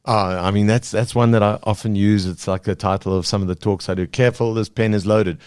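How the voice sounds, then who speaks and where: A very low-voiced man speaks haltingly, full of fillers and restarts. His voice is close and dry, with no room sound. He talks as a podcast guest about his work. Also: fairly even intonation, darkish tone, clean tone, no echo. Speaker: guest cartoonist. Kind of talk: podcast interview.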